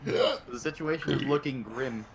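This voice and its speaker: A man's voice: mid-range voice, creaky, slight background noise, rough recording. Man narrating as game master. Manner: halting, with fillers and self-corrections.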